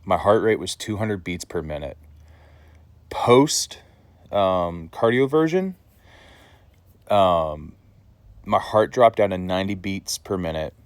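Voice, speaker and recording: Deep-voiced man telling a story bluntly. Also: sing-song, slow, long pauses, no echo. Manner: blunt, swears freely. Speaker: vlogger. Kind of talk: casual storytelling to camera.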